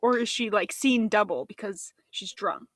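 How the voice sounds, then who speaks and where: A woman podcast host asking quick curious questions in casual chat. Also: medium pitch.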